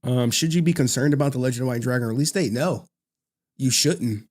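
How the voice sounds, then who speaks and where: A man's voice: mid-range voice, fairly quick, a little mellow. A man hosting a live stream, rambling casually, laughing often and groping for words. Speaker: livestream host.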